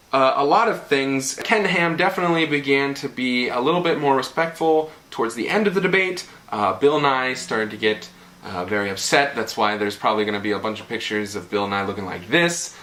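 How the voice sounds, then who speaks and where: Brief: young male vlogger, chatty recap with lots of "uh", bright forward tone. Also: mid-range voice. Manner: rambling, filler-heavy, playful. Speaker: channel host. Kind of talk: casual vlog recap.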